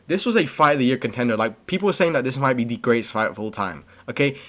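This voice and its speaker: A man's voice: mid-range voice, fairly bright tone. A young man casually recapping fights, rambling and blunt, peppering his talk with slang and filler words. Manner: rambling, slangy, says "bro" and "okay" constantly; blunt and opinionated. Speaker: MMA commentary channel host.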